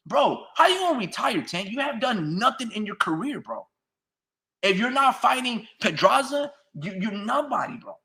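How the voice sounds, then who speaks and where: A man's voice: high voice, expressive, normal speed, pushed and bright. A man giving blunt, profane, ranting solo commentary on a channel he hosts. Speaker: boxing commentator.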